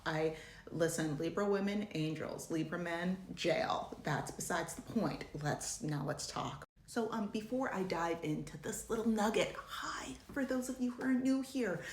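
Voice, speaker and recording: A young adult woman from the United States, a journalist giving casual video essay commentary with sarcastic, joking asides and big swings in pitch. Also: slight background noise. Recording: echoey room.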